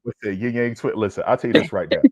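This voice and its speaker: A man hosting a podcast in a casual comedic rant, loud and profane, always tacking on "all right?". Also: fairly low pitch, fast. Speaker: podcast host.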